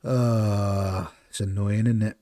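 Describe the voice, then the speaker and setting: Man, lowish voice, casual live-stream chatter, rambling, football manager game, talks to viewers. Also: fairly even intonation, takes it slowly, dark tone. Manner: rambling, chatty, talks to chat between choices.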